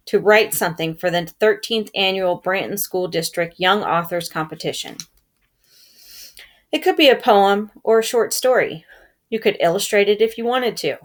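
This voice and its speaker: A woman reading a novel aloud, telling it in a calm first-person storytelling manner. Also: mid-range voice. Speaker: reader.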